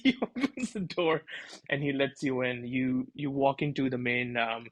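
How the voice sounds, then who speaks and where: A man's voice: mid-range voice, moderate pace. A man narrating a tabletop game as dungeon master in a loose, chatty way full of fillers.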